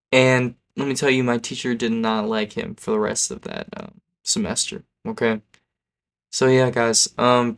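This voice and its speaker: A man's voice: mid-range voice, a bit bright. A man telling a story on his video channel in a rambling way, often tacking on "okay?" and "like". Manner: rambling, keeps adding "okay?" and "like". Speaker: YouTuber. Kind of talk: storytime vlog.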